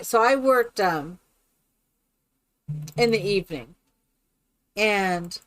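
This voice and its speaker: A woman's voice: mid-range voice, no room sound. A woman chatting casually and rambling with many fillers while she builds in a game on a live stream.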